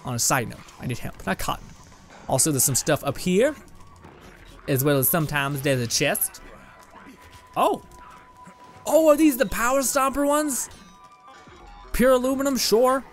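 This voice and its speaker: This young Canadian gaming host takes his time, pausing often as he rambles through casual let's-play commentary in his green-screened, lit home room. His voice sits slightly above the usual male range, and he laughs readily and swears casually while faint music plays.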